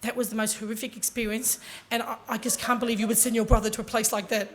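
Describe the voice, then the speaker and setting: Woman putting on excitable adult brother, melodramatic, high and shrill, rapid. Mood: aggrieved. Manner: melodramatic, shrill when upset.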